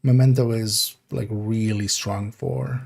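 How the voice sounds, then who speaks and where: A man's voice: on the low side, steady tone, takes it slowly, gravelly, darkish tone. A man streaming a game, chatting casually in a rambling, mumbling way full of fillers. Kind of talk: casual livestream game talk.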